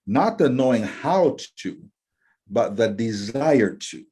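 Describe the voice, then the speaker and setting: A man telling his story in an interview, talking in an animated motivational way and acting out the voices of people he quotes. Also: mid-range voice, slow, slightly rough. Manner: acts out quoted voices, lively and emphatic. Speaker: interview guest, empowerment coach.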